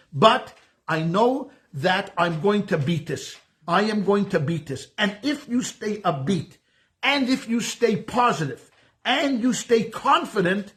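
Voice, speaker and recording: A rabbi gives a class in an easy, conversational manner. His voice sits high for a man, and he likes to hammer points home by repeating words and throwing out rhetorical questions. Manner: animated, repeats phrases for emphasis, asks rhetorical questions. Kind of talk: conversational lecture.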